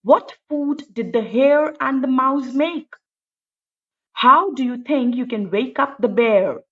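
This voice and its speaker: A woman teacher reads a picture book aloud in an expressive, sing-song way and asks her listeners many questions. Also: high voice, slow pace. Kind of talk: storybook read-aloud lesson. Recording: dull lo-fi recording.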